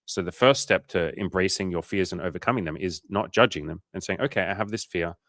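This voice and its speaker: A young man with a deep, fairly bright voice coaches viewers on dating during a livestream, speaking briskly. He reads their comments, jokes around, swears, and reassures them, and the recording is dry and studio quality.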